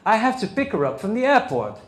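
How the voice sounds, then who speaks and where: A man's voice: sits high, fairly quick. A man speaking at a conference, telling a personal story to an audience and acting out the voices of the people in it. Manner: animated storytelling, acting out the other people's lines. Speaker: speaker at a men's issues conference. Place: conference hall. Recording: roomy hall sound.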